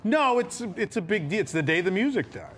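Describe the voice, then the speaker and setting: A man co-hosting a casual podcast chat, animated and laughing often. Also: high-pitched, fairly quick, slight background noise. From New York area. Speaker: podcast co-host.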